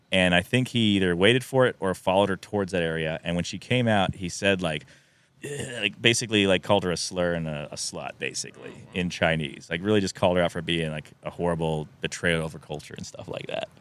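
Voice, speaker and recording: In a podcast studio, a male guest in his thirties tells a long personal story in a casual way, acting out quotes and laughing often. His voice is low, clear, resonant, and a bit bright, and his pace is fairly quick.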